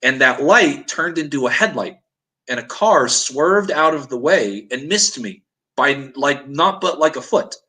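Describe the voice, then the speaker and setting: A man's voice: mid-range voice, animated, a little slow, sharp tone, rough recording. A man earnestly recounting a dramatic personal experience, acting out what people said. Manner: earnest, dramatic retelling with acted-out quotes. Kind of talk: intense personal storytelling.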